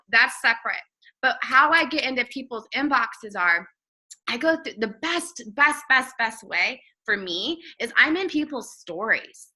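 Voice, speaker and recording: A woman's voice: high-pitched, sharp tone, rough recording. A young woman giving a blunt, emphatic live training talk to her viewers, repeating phrases for emphasis. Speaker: network marketing trainer.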